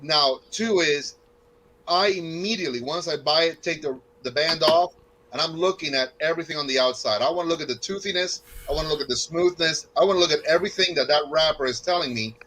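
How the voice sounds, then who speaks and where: A man from North Carolina with a Southern accent, co-hosting a casual cigar chat and telling stories with animated quoted voices. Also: fairly high pitch, fairly quick, slight background noise, rough recording. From North Carolina, USA.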